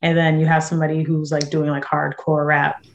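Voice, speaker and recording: A chatty young woman from San Diego talks through her music in a relaxed interview. Her speaking voice sits low, and she leans on fillers and quick laughs as she goes. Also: a little hiss or hum. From San Diego, USA. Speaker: guest musician and actress. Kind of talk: casual interview chat.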